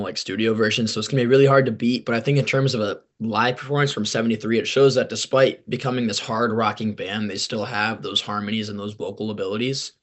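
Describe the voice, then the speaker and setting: A man's voice: fairly low pitch, fairly bright tone. Enthusiastic young man, casual podcast chat. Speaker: podcast co-host.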